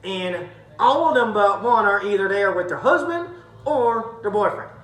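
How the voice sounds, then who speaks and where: A man's voice: high voice, expressive, normal speed, a bit bright, echoey room, poor audio. A young man casually recapping a gathering on camera, rambling and cursing freely, sometimes drifting into put-on accents. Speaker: vlogger.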